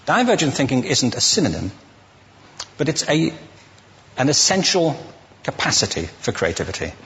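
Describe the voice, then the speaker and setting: A man's voice: medium pitch, fairly bright tone, long reverb tail, slight background noise. A man giving a witty, conversational lecture to a live audience, asking the listeners questions as he goes. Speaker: public speaker.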